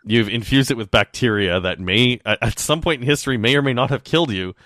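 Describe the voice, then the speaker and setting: A man's voice: mid-range voice, fast, a bit bright, no room sound, clean studio sound. A young adult man co-hosting a podcast, chatting casually with musing asides. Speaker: podcast co-host. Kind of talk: casual chat.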